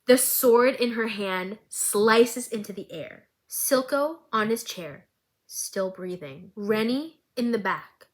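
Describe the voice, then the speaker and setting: A woman recapping an animated series in a dramatic, animated storytelling style. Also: a little high, takes it slowly. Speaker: recap vlogger.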